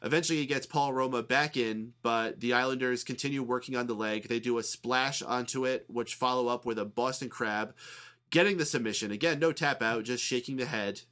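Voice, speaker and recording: A man with a bright, forceful voice talks through a match recap in a relaxed, chatty way. He drops in quick asides and the odd swear word as he goes. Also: mid-range voice. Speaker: podcast co-host recapping wrestling. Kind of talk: casual recap chat.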